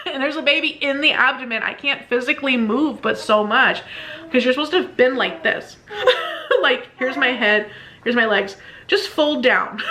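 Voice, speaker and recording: A woman's voice: a little high, lively intonation, moderate pace, bright, forceful tone. A woman vlogger casually telling a personal story, chatty and laughing often, acting out what she said back then. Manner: chatty, laughs often, acts out her own past lines.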